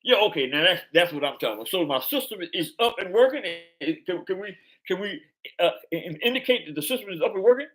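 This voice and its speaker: Animated, bright-voiced man hosting a live chat. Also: high voice, a little hiss or hum. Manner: halting, repeats words, slangy. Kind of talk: casual live stream talk.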